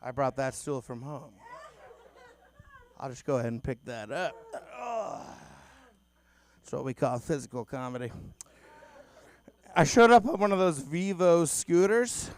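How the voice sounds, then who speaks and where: Crude young man from Boston doing stand-up. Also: on the high side. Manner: crude, loose and self-mocking. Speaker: stand-up comedian. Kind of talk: stand-up comedy set. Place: comedy club stage.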